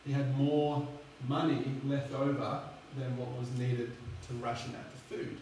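Chatty preacher in a very echoey hall. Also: male voice, mid-range voice, little pitch movement, measured pace, a little mellow. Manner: chatty, rambling, many fillers. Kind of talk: sermon storytelling. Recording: echoey hall, distant mic, faint hum.

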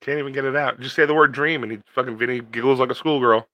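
A man's voice: mid-range voice, fairly even intonation, fast, no echo, highs cut off. A young man co-hosting a podcast, teasing his friend in sarcastic casual chat. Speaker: podcast co-host.

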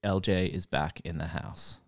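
A man's voice: low-pitched, fairly even intonation, measured pace, no room sound, studio quality. A young man co-hosting a casual podcast, joking bluntly and swearing often. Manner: swears a lot, jokey and blunt. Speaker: podcast co-host. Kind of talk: casual chat.

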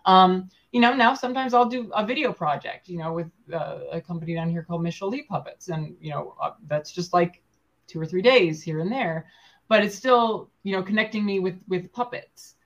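A woman's voice: on the low side, normal speed, highs cut off. A woman puppeteer talking casually in an interview, full of fillers and restarts. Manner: chatty, with many fillers and restarts. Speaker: puppeteer guest.

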